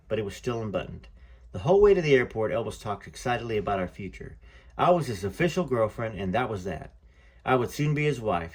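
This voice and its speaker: A channel host with a mid-range, breathy-edged voice reads a memoir aloud. He is chatty, using fillers and correcting himself along the way.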